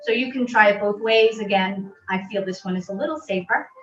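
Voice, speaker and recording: A woman fitness instructor calmly guiding a stretching class with gentle, reassuring cues. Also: mid-range voice, brisk. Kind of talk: guided exercise instruction. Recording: roomy, distant, dull audio.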